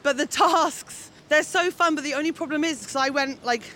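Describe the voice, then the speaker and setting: A woman in her thirties with a very high, bright voice, talking excitedly and giggling as she tells stories. She chats casually as a comedy guest on a walk around town. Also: normal speed, a little hiss or hum. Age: 30s. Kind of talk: casual chat.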